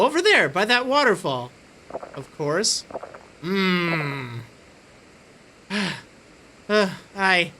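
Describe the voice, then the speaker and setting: A woman's voice: mid-range voice, bright, forceful tone, full character voice. A woman voicing a confused young hero who has turned into a small, cute creature, speaking in a startled, exclamatory way. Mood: bewildered. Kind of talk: reading game dialogue aloud.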